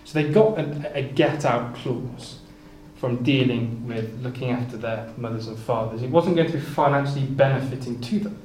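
A man of middle pitch gives a Bible sermon, reading scripture in King James wording and expounding it in plain speech. He often stumbles and repeats small words as he gathers his thoughts. The recording is roomy and echoey, with faint background noise. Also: moderate pace, a little mellow. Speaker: preacher.

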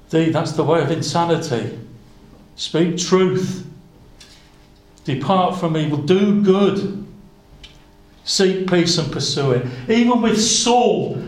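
A man's voice: high-pitched, echoey room, low-quality recording. A man preaching a sermon, earnest, quoting scripture in old-fashioned wording and addressing the congregation as brothers and sisters.

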